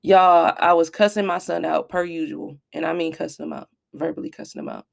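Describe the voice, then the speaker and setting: A woman's voice: low-pitched, steady tone, brisk, vocal fry. A woman in her thirties hosting a podcast, telling her own story in a candid, emphatic, confessional way and talking straight to her listeners. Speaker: podcast host. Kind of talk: candid personal storytelling monologue.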